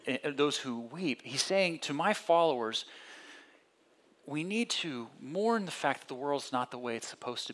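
A man delivering a conversational sermon, often restarting phrases and swinging from loud, high emphasis to low, quiet tones. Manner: conversational preaching with many restarts and sudden rises in pitch and volume. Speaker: pastor.

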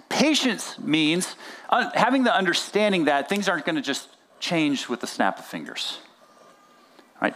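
A man preaching a sermon as pastor, conversational and animated, often acting out quoted dialogue. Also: mid-range voice.

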